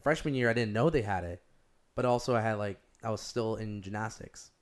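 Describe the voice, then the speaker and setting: A young man with a lowish voice, chatting casually and rambling through his stories. He leans on "like" constantly and gets animated in the telling. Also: a little fast. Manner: rambling, heavy use of "like", animated storytelling. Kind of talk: casual chat.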